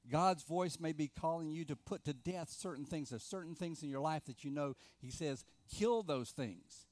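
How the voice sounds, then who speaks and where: A middle-aged man preaching a sermon, earnest, with rhetorical questions, rising for emphasis and dropping to quiet asides. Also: a little high, steady tone, moderate pace, no echo. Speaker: pastor.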